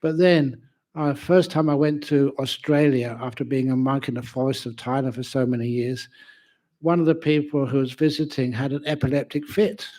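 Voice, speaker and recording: A man, a Buddhist monk, giving a humorous dharma talk at a university with animated storytelling. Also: medium pitch, normal speed. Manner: animated storytelling, laughs at own jokes. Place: university lecture venue.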